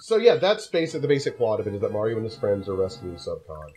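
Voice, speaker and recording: A man's voice: lowish voice, huge pitch swings, quick pace, darkish tone, slight background noise, rough recording. A man hosting a let's play, chatting casually and explaining the plot of the game as he plays.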